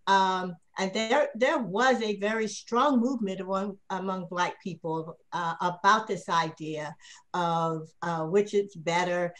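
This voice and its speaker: A woman history professor speaking on a panel, thoughtful, with many fillers and restarts. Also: mid-range voice. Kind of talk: panel discussion.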